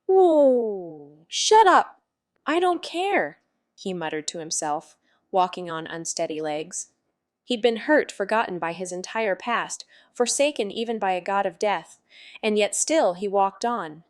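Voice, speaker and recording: A woman narrating an audiobook in a measured, subdued way. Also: medium pitch, no room sound, clean studio sound. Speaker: audiobook reader.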